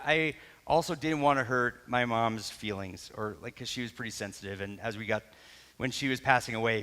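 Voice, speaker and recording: A middle-aged Canadian pastor tells a personal story during a sermon, speaking loosely and conversationally, correcting himself and acting out what people said. His mid-range voice carries a long reverb tail.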